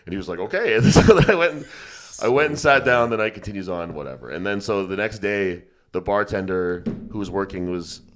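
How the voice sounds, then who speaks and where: A man's voice: lowish voice, fairly quick, fairly bright tone. A man hosting a podcast, telling a rambling story with lots of swearing and laughter in a casual chat. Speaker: podcast host.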